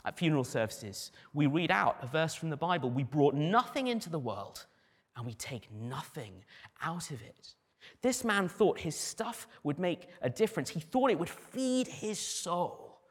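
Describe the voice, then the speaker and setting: A man preaching a sermon as pastor, animated, with dry humor and acted quotes. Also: on the high side, unhurried, breathy edge, long reverb tail.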